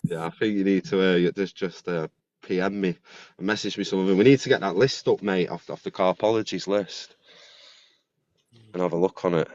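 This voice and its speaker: A man's voice: deep voice, brisk, darkish tone, no echo. A man hosting a casual podcast chat, full of slang, stammered restarts and "mate". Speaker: podcast host. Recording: dull lo-fi dry sound.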